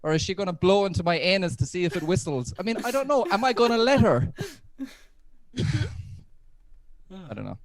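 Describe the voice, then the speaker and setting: A man's voice: high voice, big pitch swings, a little fast, long pauses, a little hiss or hum. A man performing a stand-up comedy set from home over a video call. He chats along and laughs at his own jokes.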